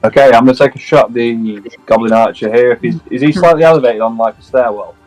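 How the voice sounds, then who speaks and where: A man playing in a tabletop game, quick and decisive when declaring his moves. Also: mid-range voice, a little mellow, faint music behind. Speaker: player. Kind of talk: casual tabletop game chat.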